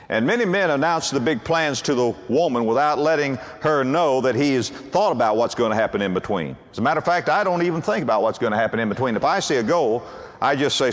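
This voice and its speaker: A man's voice: medium pitch, big pitch swings, brisk. An older man preaching a sermon in a folksy way, acting out what husbands and wives say to each other. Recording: long hall reverb.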